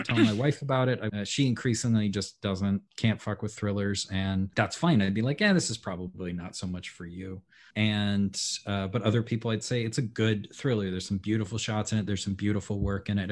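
A man speaking as a podcast guest in casual, rambling chat, with self-deprecating, mock-quoted asides. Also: on the low side.

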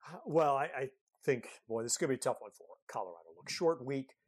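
A man's voice: medium pitch, lively intonation, fast talker. A man analyzing college football on a talk show, speaking emphatically and conversationally. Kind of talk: casual sports talk.

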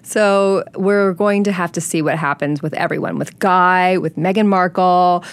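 A woman co-hosting a podcast in casual chat, easygoing and agreeable, often filling pauses with "you know" and "like.". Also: on the low side, steady tone. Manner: easygoing, agreeable, hesitant fillers. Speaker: podcast co-host.

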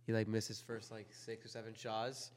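A man with a fairly low voice hosts a casual sports podcast. He is relaxed and eager, and he keeps jumping in with short words of agreement. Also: moderate pace. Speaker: podcast host.

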